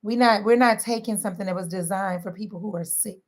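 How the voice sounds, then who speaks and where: A woman talking straight to her viewers in a lively, sermon-like way, mixing casual slang and laughter into faith-based wellness advice. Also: mid-range voice, quick pace. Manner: animated, sermon-like, southern-inflected slang with frequent laughs. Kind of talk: lively preachy direct-to-camera talk.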